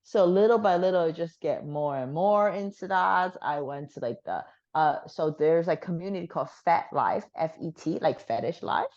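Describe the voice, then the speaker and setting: Hoarse-ish woman guest, low voice, blunt casual chat, lots of um and like. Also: normal speed, hardly any pauses, darkish tone, lo-fi sound. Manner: frank, chatty, heavy on fillers. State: slightly hoarse.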